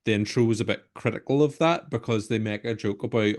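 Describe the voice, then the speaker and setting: A man's voice: on the low side, a little fast, darkish tone. A man with a Northern Irish accent, co-hosting a casual horror podcast chat, rambling and often murmuring agreement. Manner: rambling, lots of backchannel agreement. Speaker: podcast co-host.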